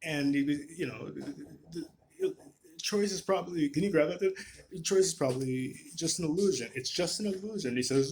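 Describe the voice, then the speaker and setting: A man's voice: fairly high pitch, expressive, moderate pace, darkish tone, a little hiss or hum. A man delivering a casual, profane rant on camera, exasperated and full of restarts. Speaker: vlogger.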